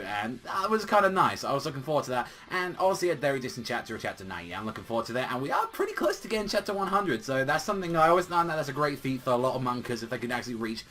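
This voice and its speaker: A man casually reviewing a manga chapter in a rambling, excited way, filling his talk with "like" and acting out scenes. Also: medium pitch, very fast, few pauses. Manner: rambling, heavy use of "like", animated retellings.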